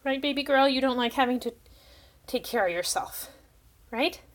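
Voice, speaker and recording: A woman's voice: high voice, normal speed. A woman hosting a casual livestream, chatting with viewers and cooing baby talk at her cats.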